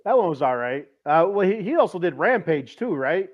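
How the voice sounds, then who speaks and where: A man's voice: fairly high pitch, sing-song, a little fast, dull audio. A man hosting a podcast in casual chat, rambling as he reads viewer comments aloud. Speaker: podcast host.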